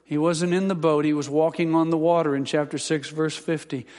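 High-voiced impassioned male preacher. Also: level tone, a little fast, darkish tone, in a large hall. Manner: impassioned, rising to emphatic peaks. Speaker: pastor. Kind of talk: sermon.

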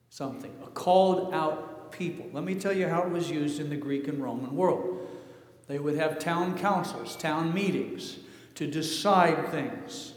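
Midwest pastor guy preaching slow and emphatic, big reverby church room. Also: on the high side, darkish tone. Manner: earnest, emphatic preaching with slow stressed phrases. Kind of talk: sermon. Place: church sanctuary. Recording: echoey hall reverb.

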